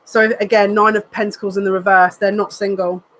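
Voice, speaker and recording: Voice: mid-range voice, level tone, fairly quick, a bit bright, a little hiss or hum, poor audio. Earnest emotional tarot reader. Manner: earnest, repeats phrases, thinks aloud; emotional, says they are near tears. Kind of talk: live tarot card reading.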